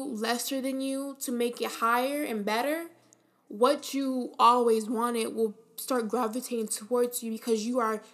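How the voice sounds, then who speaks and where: A woman's voice: on the high side, fairly bright tone. A woman hosting a podcast, giving an earnest, encouraging motivational monologue with casual fillers and repeated key phrases. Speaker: podcast host.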